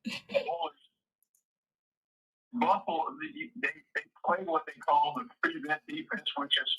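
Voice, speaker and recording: Guy rambling about sports, high and husky voice, lots of restarts. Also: sing-song, measured pace, long pauses, fairly bright tone, poor audio. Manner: rambling storyteller, many restarts. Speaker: podcast host. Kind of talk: casual sports chat.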